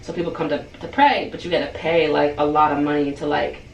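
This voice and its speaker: A woman's voice: sits low, fairly even intonation, brisk, gravelly, lo-fi sound. A woman telling a casual storytime for her channel in a chatty way, full of "like" and acted-out dialogue. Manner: chatty, heavy use of "like", acts out quoted dialogue. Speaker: beauty vlogger. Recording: roomy sound, distant mic, faint noise.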